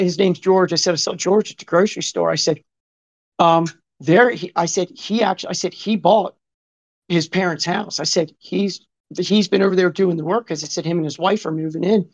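A man's voice: sits high, steady tone, moderate pace. A man in his fifties telling a long story in casual conversation, rambling and swearing, full of asides and quoted remarks. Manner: rambling and profane, many asides and reported speech. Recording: dull lo-fi recording.

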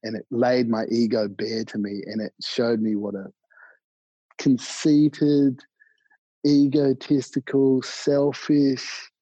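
A man telling a long personal story in casual conversation, animated, often repeating words and swearing freely. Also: medium pitch, slow pace, no room sound. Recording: dull, muffled, dry sound.

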